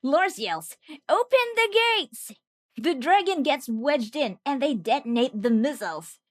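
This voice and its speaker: A woman's voice: sits high, lively intonation, a little slow, dry recording, clean studio sound. A woman narrating a scripted anime recap with jokey, wisecracking asides.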